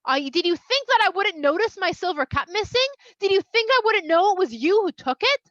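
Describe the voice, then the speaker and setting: A woman's voice: high voice, sing-song, fairly quick, pushed and bright, no room sound, highs cut off, full character voice. A woman voicing Yosef, a stern male ruler, with a scolding, stammering delivery. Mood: angry.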